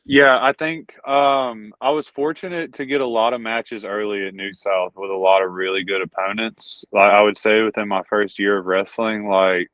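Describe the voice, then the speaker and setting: Southern male wrestler, low voice, casual and profane interview talk, lo-fi dry recording. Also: dry recording. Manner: profane, rambling, says "dude" and "bro". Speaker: pro wrestler guest. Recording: dull lo-fi dry audio.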